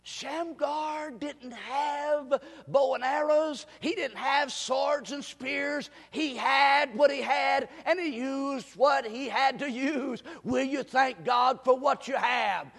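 A male pastor preaching a revival sermon, swinging between quiet asides and shouted exhortation in a church sanctuary. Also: very high voice, slow pace, gravelly, few pauses. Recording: long reverb of a church hall.

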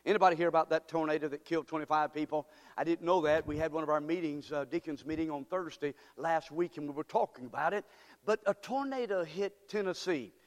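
A man preaching a fervent sermon, rising to shouts and leading his congregation in call-and-response. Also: on the high side, a little fast, in a large hall. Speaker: pastor.

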